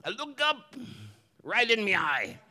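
A man's voice: high-pitched, big pitch swings, slow, pushed and bright, voice pushed up, heavily acted. A man voicing a pirate with a peg leg, a hook and an eye patch while telling a joke. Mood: piratey. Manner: gruff storytelling pirate voice in a joke.

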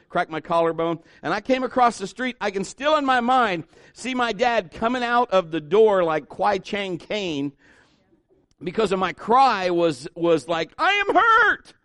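A middle-aged pastor delivers a sermon at a church service, animatedly telling stories and performing the voices of their characters. His voice is high-pitched, and the recording is studio quality with no room sound.

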